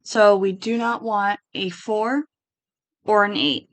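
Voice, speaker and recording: A woman giving casual, excitable commentary over a life-sim game, gushing and giggly. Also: medium pitch, slow, dry recording, low-quality recording. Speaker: gaming creator.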